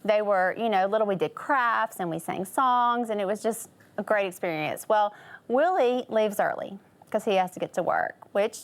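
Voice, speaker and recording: A woman's voice: medium pitch, moderate pace. Chatty woman telling a story. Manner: chatty, laughs often while telling a story; frequent ums and restarts. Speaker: talk show guest. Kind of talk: anecdotal storytelling.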